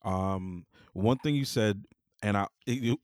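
A man hosting an interview, playful and quick to laugh. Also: on the low side, a little mellow, dry recording, clean studio sound. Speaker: interview host. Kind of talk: conversational interview.

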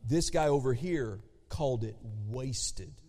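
A man preaching a sermon as a pastor, animated, swinging between loud emphasis and hushed asides. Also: mid-range voice, measured pace. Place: church sanctuary. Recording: long hall reverb.

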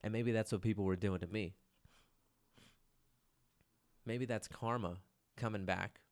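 A man with a slightly low voice talks through his solo podcast in a loose, rambling way. He pokes fun at himself, swears casually and keeps calling the listener "dude.". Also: fairly even intonation, fairly quick. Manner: rambling and self-mocking, swears and says "dude" often. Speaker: podcast host.

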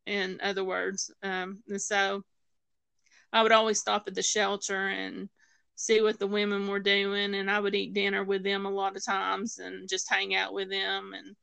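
A woman's voice: mid-range voice, monotone, moderate pace, vocal fry, bright, forceful tone, clean tone, dry recording, poor audio. A woman telling a personal story as a guest, acting out the voices of others and using many fillers and restarts. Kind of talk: personal testimony in conversation.

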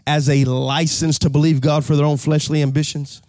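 A man preaching a live sermon as pastor, animated and folksy, breaking into shouts and a sing-song cadence. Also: a little high, fast, dry recording, clean studio sound. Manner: folksy, jokes with the crowd, repeats phrases.

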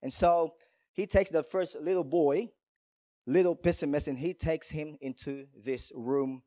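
A man's voice: fairly high pitch, measured pace, warm tone, dry recording, clean studio sound. A male pastor preaching a sermon in a church, emphatic, telling stories and asking rhetorical questions.

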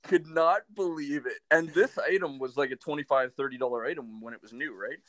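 A man's voice: on the high side, fairly quick, fairly bright tone. A man telling a story in a casual chat, acting out both sides of it in disbelief.

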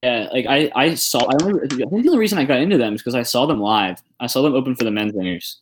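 A man's voice: mid-range voice, expressive, very fast, slight background noise. A man co-hosting a podcast, chatting casually about new music and rambling with lots of fillers. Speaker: podcast co-host. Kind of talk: casual music review chat.

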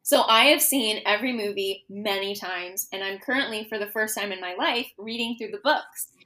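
A woman's voice: mid-range voice, normal speed, sharp tone, poor audio. A woman co-hosting a casual podcast, upbeat and teasing as she leads the segments. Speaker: podcast co-host. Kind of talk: casual chat.

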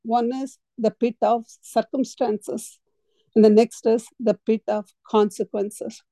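A woman's voice: a little high, level tone, slow pace, warm tone, no echo, low-quality recording. A woman preaching a sermon, telling a story in an earnest, emphatic way.

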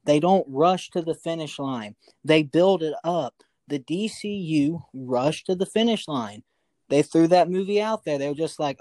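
A man co-hosts a casual podcast debate and presses his case quickly and insistently. His voice sits somewhat high for a man. The recording is dry and close, with no room sound. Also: darkish tone, no room sound. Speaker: podcast co-host.

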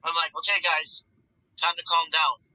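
A man's voice: a little high, normal speed, dry recording, highs cut off. A young man in a band, casually telling a story with plenty of swearing and acted-out voices. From Central Wisconsin. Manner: animated, profane storyteller acting out voices. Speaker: band member.

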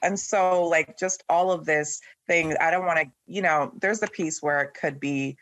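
A man's voice: fairly high pitch, steady tone, moderate pace, a bit bright, no echo. A man in his thirties hosting a casual chat with friends, opinionated and sarcastic as he tells things with animation. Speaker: podcast host.

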